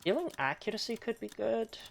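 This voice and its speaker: A woman's voice: a little high, sing-song, brisk, vocal fry. A young woman casually commenting on a video game she is playing, chatty, swearing freely and laughing often. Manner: reads game text aloud.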